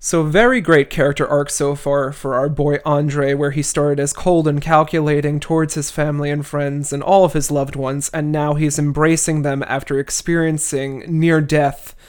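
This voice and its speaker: A man's voice: a little high, level tone, moderate pace, few pauses, smooth. A man hosting a podcast, casually retelling a classic novel with wry, chatty asides. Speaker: podcast host. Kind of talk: casual book recap.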